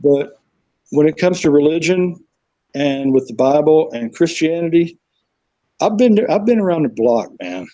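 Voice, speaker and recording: This guest, a South Carolinian with a Southern accent, has a fairly high, warm voice with lively intonation, and he talks a little slowly. He rambles casually through a story over a remote call, doing voices for the people he quotes. The recording has no room sound and its highs are cut off.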